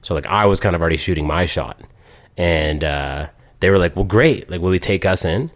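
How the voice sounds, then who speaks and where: A man's voice: sits low, brisk. A man co-hosting a podcast, telling a story in casual chat and quoting people as he goes. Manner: animated storyteller, quotes people in voices. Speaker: podcast co-host.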